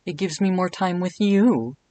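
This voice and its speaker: A man doing an impression of an actor playing a flirty, seductive cat king, speaking low, soft and slow. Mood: teasing.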